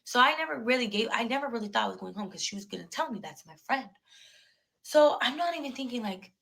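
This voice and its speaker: A young woman, a former reality show contestant, tells her story in a clip, animated and profane as she acts out the back-and-forth exchanges. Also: on the high side, fast talker, gravelly, low-quality recording.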